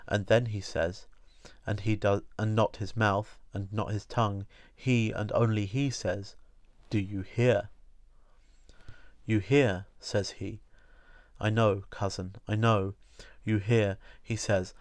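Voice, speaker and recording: A man reading literary prose aloud in a slow, meditative, repetitive cadence. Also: lowish voice, fairly even intonation, dry recording. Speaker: reader.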